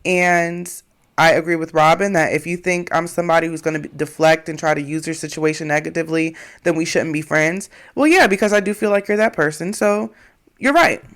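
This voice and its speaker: A woman's voice: low-pitched, a little fast, a bit bright. A woman co-hosting a casual reality-show recap podcast, summing up the episode's events in a plain-spoken way. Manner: summarizing plot points, plain-spoken. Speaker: podcast co-host.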